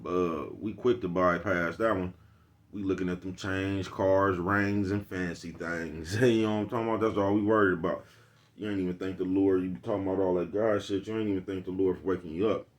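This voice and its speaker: A man's voice: low voice, steady tone, moderate pace. A man with an African American Vernacular English accent, talking in a loose, slangy, preachy monologue to his viewers. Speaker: vlogger. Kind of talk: casual street monologue.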